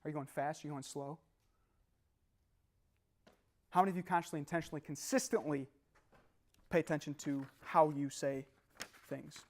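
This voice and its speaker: A young man speaking live to an audience as a motivational speaker, animated and laughing, often throwing questions at the room. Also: fairly high pitch, a little fast. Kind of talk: live seminar talk to an audience.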